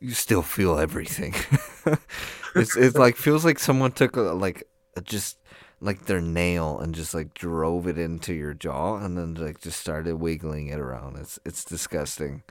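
A man's voice: sits low, a little slow, no room sound, studio quality. A man on a podcast telling a long, rambling story full of laughs while his jaw is sore from recent tooth surgery. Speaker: podcast co-host. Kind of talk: casual chat.

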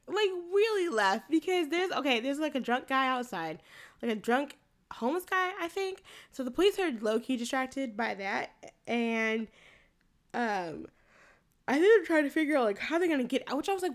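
A woman's voice: sits high, sing-song, moderate pace. A woman in her late twenties, co-hosting a casual chat and recapping a film, laid-back, swearing freely and laughing often. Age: late 20s. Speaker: podcast co-host recapping a film.

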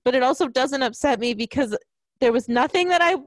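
A woman's voice: high-pitched, expressive, brisk, no room sound. A woman co-hosting a casual podcast chat, telling rambling stories and laughing often. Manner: rambling storyteller, giggly. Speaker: podcast co-host.

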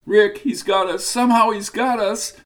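A man reading a story aloud and voicing a frightened wife, with shrill, panicked lines. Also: big pitch swings, normal speed, darkish tone. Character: terrified wife, woman, panicky.

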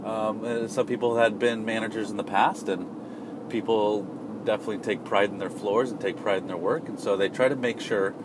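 A man's voice: lowish voice, fairly even intonation, fairly quick, noisy background. A man telling a casual personal anecdote in a rambling, self-deprecating way, often restarting his sentences. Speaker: storyteller.

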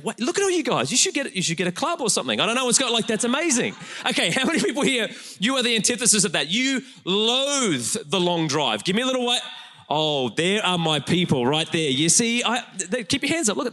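A man preaching a light, joking sermon to a room full of people. His voice sits high and bright. It swings up and down as he teases the crowd and tells his story. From Australia. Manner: animated storytelling, playful asides to the crowd. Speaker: pastor. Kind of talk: humorous sermon to a live congregation.

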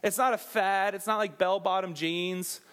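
Casual: high-pitched guy preaching, lively and jokey, talks right to the crowd like they're buddies. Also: normal speed. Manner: animated, jokey asides to the crowd. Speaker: pastor. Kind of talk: sermon.

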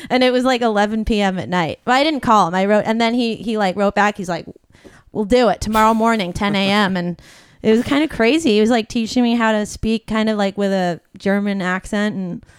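An actress chatting casually, self-conscious and quick to laugh. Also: female voice, medium pitch, clear, resonant tone, dry recording. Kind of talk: casual chat.

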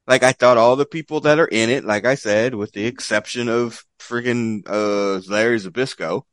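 A man's voice: medium pitch, moderate pace, a bit bright, no room sound. A man casually recapping an old wrestling event as a podcast co-host, rambling with lots of fillers and swearing.

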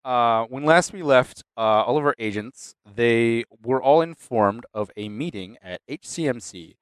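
A man's voice: mid-range voice, lively intonation, measured pace, smooth, no room sound, studio quality. A man running a tabletop game as game master, hesitant and full of fillers.

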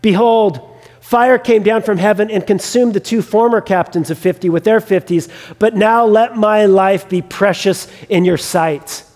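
A man's voice: sits high, a little slow, darkish tone. A man voicing an ancient soldier captain who kneels and pleads for his life. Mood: pleading. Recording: long reverb of a large hall.

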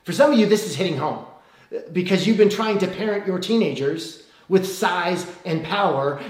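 Conversational preacher, echoey room. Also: male voice, on the high side. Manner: conversational, with rhetorical "right?". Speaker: pastor. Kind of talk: sermon.

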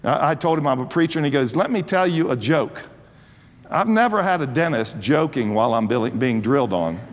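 A man's voice: medium pitch, animated, a little fast, long reverb tail. A man in his sixties preaching a sermon, swelling with fervor and often restarting his sentences. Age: 60s. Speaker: pastor.

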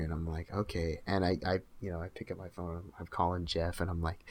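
A man's voice: low-pitched, fairly even intonation, normal speed, hardly any pauses. A young man, a podcast co-host, animatedly telling a story in casual chat and quoting his friends.

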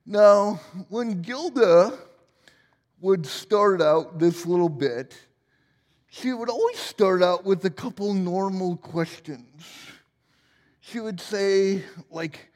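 Man, forties, pastor, playful sermon, high voice, long church-hall reverb. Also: takes it slowly. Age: 40s. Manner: playful, self-deprecating humor.

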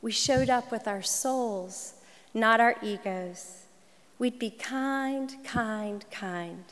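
A woman voicing an elderly, joyful Irish nurse in a warm, cheerful manner while telling her story. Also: fairly high pitch, slow pace. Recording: long hall reverb.

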